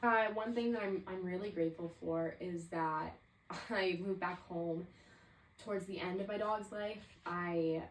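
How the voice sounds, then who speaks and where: A woman's voice: fairly low pitch, measured pace. Young woman, podcast host, reflective rambling monologue, echoey room, distant mic. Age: 20s. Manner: reflective, rambling, heavy use of "like". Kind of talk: casual solo podcast monologue.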